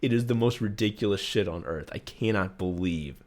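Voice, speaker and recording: A man's voice: lowish voice, a little fast. Podcast co-host, male, swearing and rambling through an anecdote. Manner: rambling, profane anecdote-telling with many fillers. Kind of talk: casual chat, telling a travel story.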